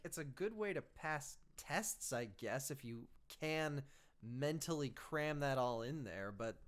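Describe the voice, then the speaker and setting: A man with a fairly high voice chats his way through a manga read-along. His commentary is casual, dry and self-mocking, like a streamer talking to regular viewers. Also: a bit bright, smooth. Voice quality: chatty, wry and self-mocking. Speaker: streamer reading manga aloud.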